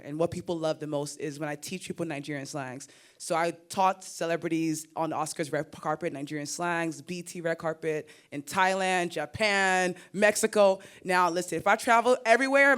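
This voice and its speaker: A woman content creator speaking on a panel in a lively, playful way, addressing the audience warmly as family. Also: on the low side. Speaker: creator and host. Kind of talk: casual panel talk.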